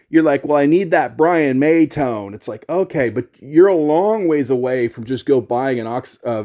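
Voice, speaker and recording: A man's voice: medium pitch, darkish tone. A middle-aged man hosting a casual gear vlog, talking in a chatty, rambling, self-deprecating way. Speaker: YouTuber and pedal demo host.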